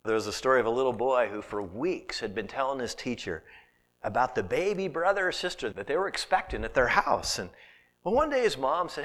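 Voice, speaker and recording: A middle-aged pastor with a mid-range voice preaches a sermon at a fairly quick pace. He tells stories with animated delivery, sometimes dropping to a hushed whisper.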